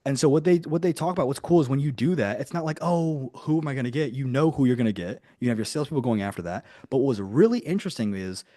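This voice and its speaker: A man running a live online coaching lesson for business owners, talking in an energetic, chatty way with many asides. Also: mid-range voice, fast, hardly any pauses, no echo, studio quality.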